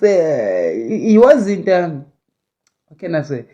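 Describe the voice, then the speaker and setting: A man's voice: fairly high pitch, very animated, slow, warm tone. A man recounting a vision in a casual spoken monologue, rambling and hedging as he talks. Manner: rambling, with many restarts and hedges.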